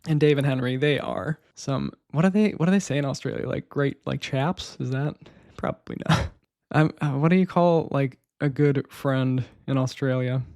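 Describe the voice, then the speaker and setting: A man's voice: medium pitch, moderate pace, a little mellow, dry recording, clean studio sound. A young man hosting a casual solo podcast about music, rambling with enthusiasm, laughing often and peppering his talk with "like" and "man". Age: young adult. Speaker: podcast host.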